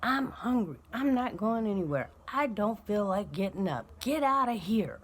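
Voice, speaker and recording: A woman's voice: mid-range voice, very animated, normal speed, voice pushed up, lightly acted. A woman voicing a bratty, defiant young schoolboy who whines and bosses his parent around. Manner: whiny and bossy, talking back.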